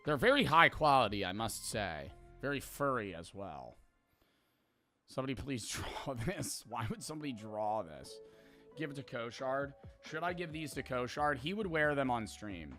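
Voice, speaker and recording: A man's voice: mid-range voice, very animated, normal speed, bright, forceful tone, faint music behind. A man streaming, reading jokes aloud from a book and chatting about them with small laughs.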